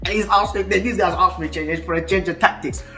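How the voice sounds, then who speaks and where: A man's voice: high-pitched, fairly even intonation, fairly quick, bright, forceful tone, faint music behind. A man, ranting about football in a casual vlog, heated and full of stuttering restarts. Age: 20s. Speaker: football fan vlogger.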